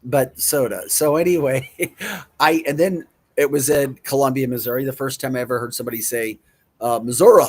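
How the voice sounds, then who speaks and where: A man's voice: medium pitch, steady tone, moderate pace, a little mellow. Playful chuckling male show host. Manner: playful, repeats words in mock pronunciations, chuckles often. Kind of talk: casual studio chat.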